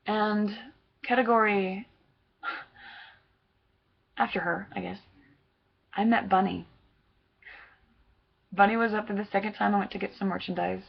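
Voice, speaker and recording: Young female fan vlogger, casual and gushing, rambles excitedly; voice has a gravelly fry, recorded on a dull lo-fi camera. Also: medium pitch, measured pace, pauses often. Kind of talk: casual chat recounting a concert meet-up.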